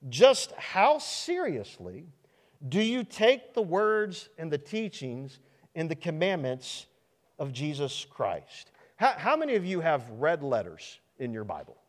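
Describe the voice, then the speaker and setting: A Midwestern American pastor preaches to his congregation in a fairly high voice. His pitch swings widely as he works through restarts and rhetorical questions. The sound carries the long echo of a large church sanctuary. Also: huge pitch swings, takes it slowly. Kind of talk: sermon.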